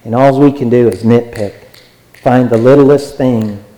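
A man's voice: medium pitch, measured pace, dark tone. A man preaching a sermon, earnest and exhortative, and often repeating his phrases. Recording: long hall reverb.

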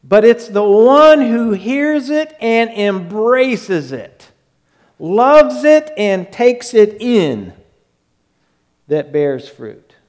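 A pastor preaching a sermon, slow and emphatic, with quick acted-out asides. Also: male voice, extremely high pitch, big pitch swings, darkish tone, big-room sound.

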